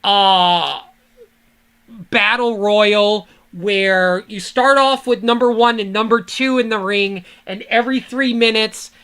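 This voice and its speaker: A podcast host talks alone in a loose, rambling monologue, swearing freely and drifting off topic. The voice is bright and forceful. The delivery is a casual fan rant rather than a prepared script. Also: mid-range voice, takes it slowly, clear, resonant tone.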